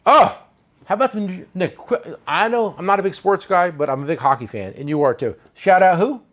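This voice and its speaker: A man's voice: high-pitched, animated, fairly quick, a bit bright. A man hosting a casual tool shop chat, rambling and joking at his own expense. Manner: rambling, joking, self-mocking. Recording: noisy shop recording.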